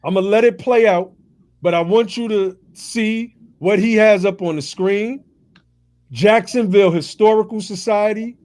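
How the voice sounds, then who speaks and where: A man hosting a casual stream, pausing a video to point things out to his audience. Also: high-pitched, a little mellow. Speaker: host of a reaction stream. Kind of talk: casual commentary on a played video.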